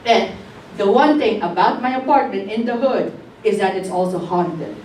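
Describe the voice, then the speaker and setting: A woman from the Philippines whose first language is Tagalog, doing a brash, profane, animated stand-up comedy set on a club stage. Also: medium pitch, moderate pace. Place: comedy club stage before a live audience. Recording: echoey room, distant mic, faint background noise.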